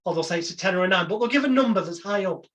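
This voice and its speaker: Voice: mid-range voice, animated, very fast, fairly bright tone. A hypnotherapy trainer giving a conversational online training lecture over a video call, breaking off at times into samples of hypnotic patter.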